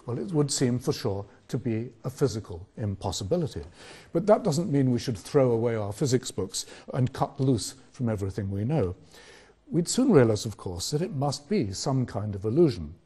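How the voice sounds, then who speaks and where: An older man giving a university philosophy lecture, measured and reflective, posing rhetorical questions. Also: medium pitch, very animated, mellow, husky. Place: lecture hall.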